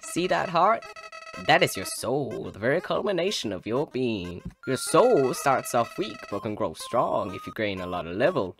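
Casting: a woman doing a sing-song, falsely sweet flower monster in a game, deep-toned, lively swoops, game music underneath. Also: moderate pace, exaggerated voice. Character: chirpy flower creature, falsely friendly, secretly menacing.

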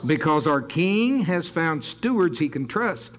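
A man's voice: a little high, sing-song, measured pace, a bit bright. A man preaching a sermon, moving into earnest spoken prayer and chuckling between phrases as he rises into fervent declarations. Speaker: pastor.

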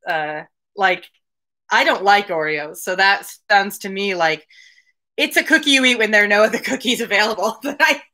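A woman's voice: medium pitch, normal speed, sharp tone. A woman hosting a read-aloud, chatting casually with a laugh between passages. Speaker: host reading aloud. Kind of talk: casual chat between readings.

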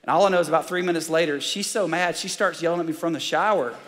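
A man preaching in a large church, his raised voice carrying a long hall reverb. He talks with fired-up, excitable energy and sits a touch high for a man. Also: fast talker. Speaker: pastor. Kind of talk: sermon.

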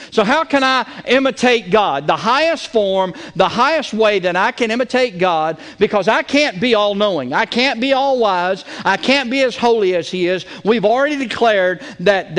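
High-voiced preaching pastor. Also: male voice, fairly bright tone. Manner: emphatic, repeating words for stress; restarts with stacked "and, and". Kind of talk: sermon.

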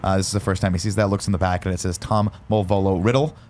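A man's voice: low voice, very fast. A man co-hosting a podcast, casually recapping a film and acting out characters in goofy voices. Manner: animated retelling, acting out characters in silly voices. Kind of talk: casual chat.

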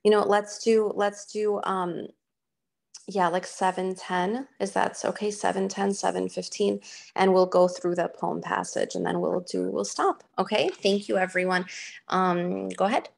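Hesitant woman with a gravelly voice. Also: mid-range voice, measured pace. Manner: hesitant, thinking out loud, many fillers. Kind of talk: casual announcements.

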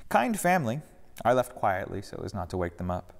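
A man's voice: on the low side, big pitch swings, brisk, vocal fry. A man voicing a blunt, protective disciple who talks abruptly, in a reverberant hall. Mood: alert. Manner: abrupt, demanding.

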